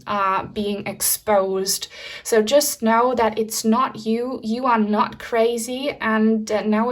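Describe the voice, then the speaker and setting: A woman giving a pick-a-card tarot reading in a soothing, reassuring spiritual tone. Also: mid-range voice. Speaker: tarot reader.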